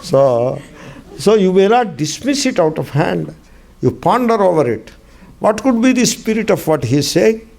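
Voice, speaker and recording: A man's voice: high-pitched, very animated, normal speed, creaky, darkish tone. A man, a swami, teaching a spiritual discourse class, emphatic and fond of asking and answering his own questions, repeating key phrases with dry humor.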